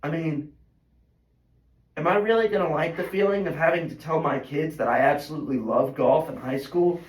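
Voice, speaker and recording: A teenage boy and high school golfer venting in a frustrated, self-critical ramble full of restarts. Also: normal speed. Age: teens. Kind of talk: emotional venting monologue. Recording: roomy echo.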